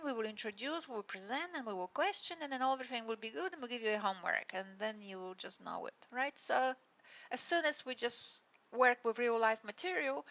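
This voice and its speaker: A woman's voice: fairly high pitch, sharp tone, lo-fi sound. A woman lecturer explaining a teaching model in a recorded lecture, often checking in with tag questions. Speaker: university lecturer.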